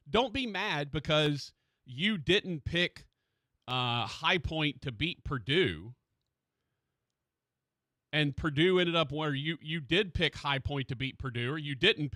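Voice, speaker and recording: A man hosting a sports radio show in a studio, chatting casually and excitedly about college basketball. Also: fairly high pitch, dry recording.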